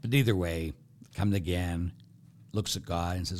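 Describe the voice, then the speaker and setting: Middle-aged male Catholic priest, lowish voice, emphatic preaching style with loud and soft swings. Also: normal speed, a little hiss or hum.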